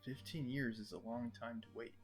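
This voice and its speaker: A brooding villain bent on revenge, as a man puts him on in a video game read-along. He speaks slowly and with menace, a little lower than his usual voice, and faint music sits behind him. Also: close to an everyday voice. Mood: menacing. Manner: slow, menacing.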